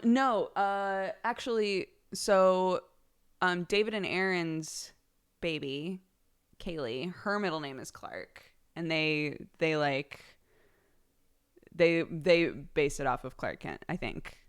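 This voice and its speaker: A chatty woman streaming live, with a slightly low voice. She talks casually and giggles often between her words. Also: clear, resonant tone. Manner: reads out subscriber thank-yous.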